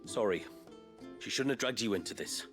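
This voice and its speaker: An actor playing a hesitant, awkward young village smith in video game dialogue. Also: male voice, fairly low pitch, animated, music in the background, close to an everyday voice. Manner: hesitant, halting.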